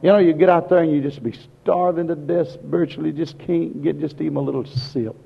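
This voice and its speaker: A man with a husky, slightly raised voice preaching with fervour, dropping to a hush and then rising again. His sermon rings through a hall with a long, lingering echo, and the recording sounds dull and lo-fi. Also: a little high, fairly even intonation, brisk. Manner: impassioned, repetitive preaching that swings between hushed and loud. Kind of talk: fervent sermon.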